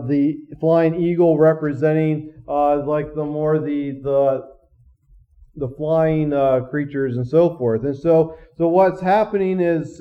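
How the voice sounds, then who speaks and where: A man's voice: fairly high pitch, highs cut off. Man teaching scripture, rhetorical questions. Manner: conversational, many restarts and rhetorical questions. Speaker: Bible teacher. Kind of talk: Bible study teaching.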